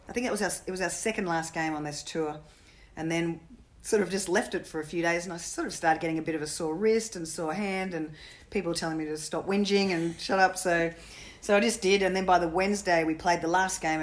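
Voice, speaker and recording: A middle-aged woman, once a cricketer and now a coach, is the guest in a relaxed interview, rattling off quick, jokey anecdotes. Her voice is on the low side with fairly even intonation.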